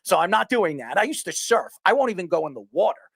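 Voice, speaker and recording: A man's voice: high-pitched, sing-song, quick pace, gravelly, a bit bright, slightly rough, no room sound, studio quality. A man from New York hosting a sports talk show, rambling with blunt opinions and repeated words.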